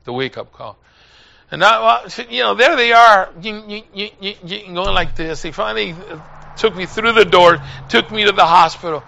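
Older man, preacher, high-pitched, gravelly, bright, storytelling sermon that rises to shouting. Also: moderate pace, lo-fi sound. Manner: storytelling, building to loud exhortation. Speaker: pastor.

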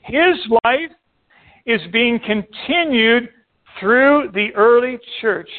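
A man with a notably high voice preaches with animated delivery, acting out the voices of the people in his stories. The sound is thin and tinny, as if it came down a phone line. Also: slow pace. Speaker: pastor. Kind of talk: sermon.

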